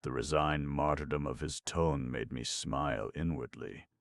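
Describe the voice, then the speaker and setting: A man narrating an audiobook in a measured, even storytelling manner. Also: extremely low pitch, gravelly, no room sound, studio quality.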